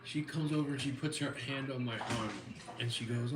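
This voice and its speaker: A man chatting casually at a meal, telling a story in a relaxed way. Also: medium pitch, a little fast. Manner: relaxed storyteller, short replies. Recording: echoey room with noisy background.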